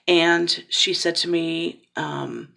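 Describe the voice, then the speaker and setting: A woman's voice: lowish voice, sing-song, extremely slow, creaky, bright, forceful tone. A woman in her forties from Ohio speaking candidly and emotionally in a personal vlog, rambling with fillers and restarts. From Cincinnati, Ohio. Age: 40s. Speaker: vlogger, caregiver daughter.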